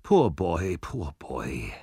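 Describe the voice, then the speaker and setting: A kindly old gentleman from a storybook, earnest and gentle and often dropping to a hush, as a male narrator plays him. His voice sits low and soft, in a dry, close recording. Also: wildly swooping pitch, extremely slow, husky, dry recording, full character voice. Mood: pitying. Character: kindly elderly gentleman, warm-hearted.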